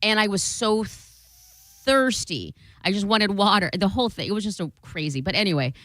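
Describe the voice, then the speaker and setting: A young woman telling a story in a casual chat, animated and swearing, acting out what people said. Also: mid-range voice, moderate pace, no room sound. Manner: animated, swearing, acts out quotes.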